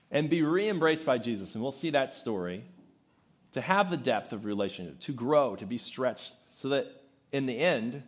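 Male pastor, conversational sermon delivery, lively and expressive pitch, animated storyteller.

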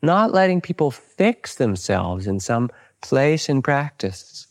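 A man giving a dharma talk as a meditation teacher, speaking in a calm, unhurried and gently instructive way with personal stories. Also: medium pitch.

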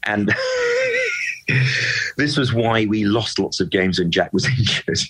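A man with a very low, husky voice holds forth with real passion, driving his points home and circling back for emphasis. He sounds like a lifelong fan arguing his case in a relaxed discussion. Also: takes it slowly, faint music behind, low-quality recording. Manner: animated, emphatic, repeats words when worked up. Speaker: football pundit and club fan. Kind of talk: impassioned casual discussion.

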